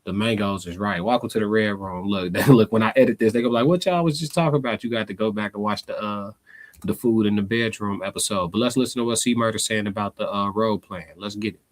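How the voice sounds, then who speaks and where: A man's voice: lowish voice, fast. Slangy male reaction-stream host. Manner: slangy, laughing, animated asides. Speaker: live show host. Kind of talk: casual reaction commentary.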